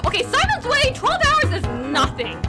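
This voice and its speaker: A woman with a very high, lively voice teasing a friend in casual chat. Loud music thumps behind her. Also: moderate pace.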